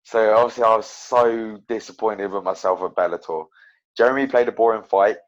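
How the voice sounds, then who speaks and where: Low-voiced man, rambling on a muffled line. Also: a little fast. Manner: rambling, full of fillers and restarts, animated storytelling. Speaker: professional MMA fighter, guest. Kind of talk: casual interview chat. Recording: dull lo-fi podcast audio.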